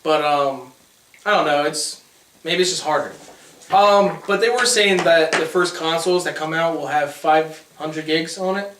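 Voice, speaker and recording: A man's voice: a little high, measured pace, a bit bright, distant mic, slight background noise. A young man co-hosting a casual gaming chat, rambling and hesitant with many fillers. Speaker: co-host. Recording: echoey room, away from the mic.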